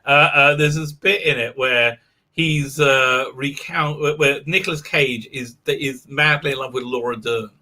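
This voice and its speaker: Bright-voiced man rambling on a live stream. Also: mid-range voice, steady tone, unhurried. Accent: Israeli. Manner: rambling, profane, laughs often, many fillers. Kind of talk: casual live stream chat, reading viewer comments. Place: home office.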